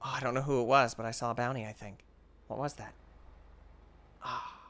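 Young guy doing excitable game commentary, mid-pitch voice, lots of mock drama and trash talk. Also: a little fast. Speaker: gaming video host. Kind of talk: casual gameplay commentary.

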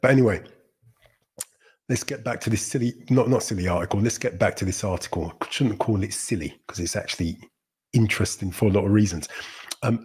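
A man's voice: on the low side, animated, quick pace, darkish tone, husky. A man hosting a livestream, giving blunt, rambling commentary on news articles, often correcting himself and laughing at what he reads. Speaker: livestream host.

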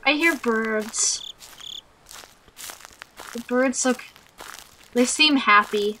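Jumpy young woman with a high bright voice. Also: very slow, long pauses, a little hiss or hum, rough recording. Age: young adult. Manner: jumpy, nervous, talks to herself and shrieks at scares. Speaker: let's play gamer. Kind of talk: horror game commentary.

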